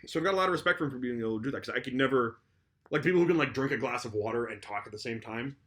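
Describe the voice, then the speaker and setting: A man's voice: mid-range voice, lively intonation, very fast, fairly bright tone. A young man co-hosting a podcast, chatting casually with loose, crude, joking banter. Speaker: podcast co-host. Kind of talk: casual chat.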